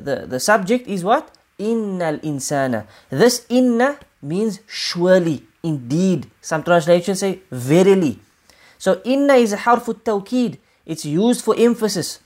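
A woman giving a religious lesson, explaining scripture in a measured way and repeating key points for emphasis. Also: medium pitch. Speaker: Quran teacher.

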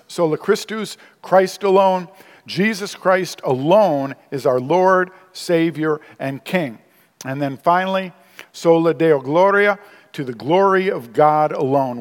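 A man's voice: fairly high pitch, long reverb tail. A man preaching a sermon as pastor, conversational and emphatic, with asides to the congregation. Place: church sanctuary.

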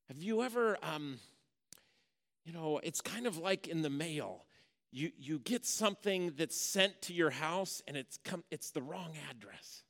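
A man delivers a sermon like a folksy storyteller, dropping to hushed tones and then rising to emphatic points. His voice sits a little high for a man. It rings out with the long reverb of a big church hall. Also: expressive, a little slow. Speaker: preacher.

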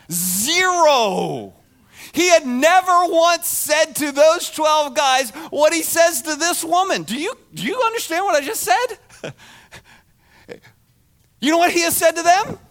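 High-voiced, animated male preacher. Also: slow pace, long pauses. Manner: animated, acts out the words of the people in the story. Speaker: pastor. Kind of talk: sermon.

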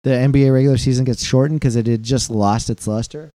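A man in his thirties co-hosting a podcast, talking casually in a rambling, profane, animated way. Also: mid-range voice, fast talker, dry recording, clean studio sound. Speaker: podcast co-host. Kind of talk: casual chat.

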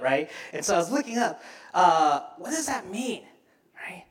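A male pastor preaches a sermon, acting out the story in animated voices and often turning aside to the congregation. He speaks high-pitched at normal speed, with a roomy sound.

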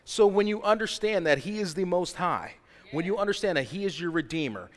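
A man preaching a sermon in an animated, casual way, slipping into slang and rising to shouts. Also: sits high, fairly quick. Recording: long hall reverb.

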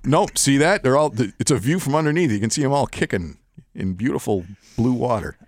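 A man co-hosting a fishing podcast, chatting casually and telling jokes with animated voices for the characters. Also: medium pitch, a little fast, no room sound. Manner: animated joke-teller acting out characters. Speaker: podcast co-host.

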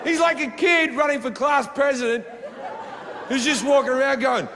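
A man's voice: very high-pitched, moderate pace. A man doing a stand-up routine, ranting with profane punchlines, recorded live. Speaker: stand-up comedian. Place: live comedy stage. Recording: live hall with crowd and noise.

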